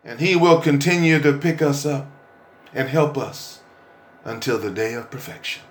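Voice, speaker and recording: A male preacher delivers a dramatic podcast sermon and swings from hushed murmurs to shouts. His fairly high, bright voice moves over a wide range. He speaks slowly, and the room echoes around him.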